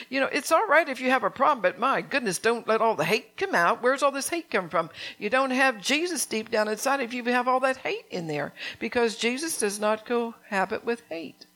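A woman's voice: on the high side, lively intonation, brisk, a bit bright. A woman preaching a sermon in a conversational, fervent way, often checking in with her congregation.

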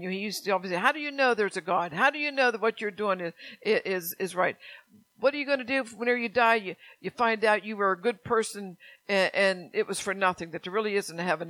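An older woman preaches from a home church, drifting from Scripture into chatty, rambling stories with quick laughs. Her voice sits close and dry, with no room around it. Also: mid-range voice, fairly bright tone, dry recording. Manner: rambling, conversational storytelling with laughs. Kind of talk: folksy sermon.

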